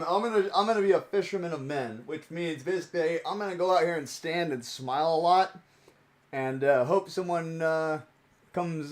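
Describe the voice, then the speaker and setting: A young man with a fairly high voice chats casually on a stream while he opens trading cards. He rambles in a playful way and laughs often. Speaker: card-opening streamer.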